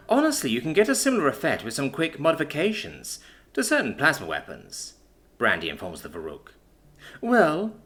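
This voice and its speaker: A man's voice: fairly high pitch, sharp tone, voice pushed up, heavily acted. A man voicing a seasoned female soldier, matter-of-fact and wry, sometimes stern. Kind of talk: audiobook character voice.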